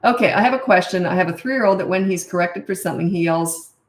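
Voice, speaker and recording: A middle-aged woman coaching parents in a casual Q&A, blunt and matter-of-fact, now and then acting out short quotes in a higher voice. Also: quick pace. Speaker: parenting coach answering viewer questions. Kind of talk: casual live Q&A. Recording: roomy echo.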